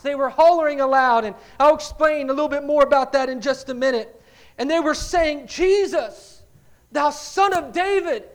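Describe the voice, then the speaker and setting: High-voiced animated male preacher. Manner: animated storytelling, swings from quiet asides to loud dramatic cries; repeats words while building up a point. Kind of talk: sermon.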